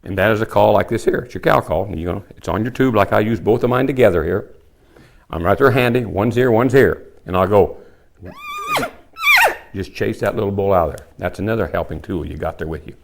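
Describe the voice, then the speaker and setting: An older man with a fairly low, gravelly voice gives a hands-on elk calling tutorial. Folksy and plainspoken, he demonstrates the calls as he explains them.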